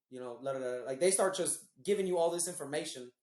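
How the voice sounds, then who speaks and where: A man's voice: medium pitch, fast talker, hardly any pauses, a little mellow, roomy sound. A man co-hosting a podcast, telling rambling, profane stories in casual chat. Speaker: podcast co-host.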